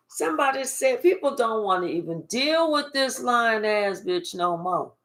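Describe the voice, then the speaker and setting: Woman tarot reader, slow profane drawl, somewhat high voice, unhurried live reading. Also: expressive, a bit bright.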